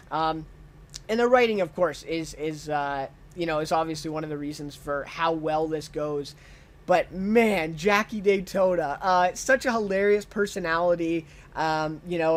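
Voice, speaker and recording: A man giving a casual unscripted TV show review, enthusiastic and full of ums and uhs. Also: high voice.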